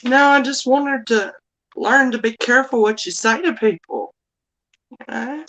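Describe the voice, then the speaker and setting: A woman's voice: fairly high pitch, moderate pace, noisy background. A middle-aged woman with a drawl hosts a loose live chat. She rambles, apologizes often and sounds emotional, the way someone talks when she wears her feelings openly. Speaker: live stream host.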